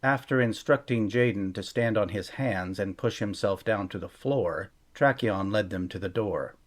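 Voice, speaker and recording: A man narrating a fantasy novel chapter in a measured, steady storytelling voice. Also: on the low side. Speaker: audiobook narrator. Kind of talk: scripted fantasy audiobook narration.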